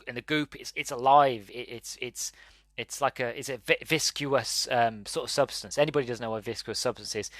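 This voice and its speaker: A man's voice: mid-range voice, fairly bright tone, no echo. A man hosting a podcast, reviewing a movie in a rambling, exasperated way with laughing asides. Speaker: podcast host. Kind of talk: casual solo movie review.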